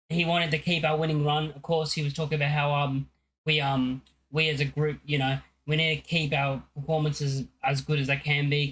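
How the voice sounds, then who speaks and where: A man's voice: on the high side, fairly bright tone, rough recording. A young man talking casually as a football fan channel host, rambling, with many fillers and restarts.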